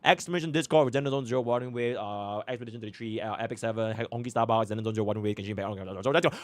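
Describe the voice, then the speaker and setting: A man's voice: fairly low pitch, fast talker, dry recording. A young man from Singapore streaming live, chatting casually and muttering to himself as he works through menus. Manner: chatty, repeats filler phrases, mutters to himself.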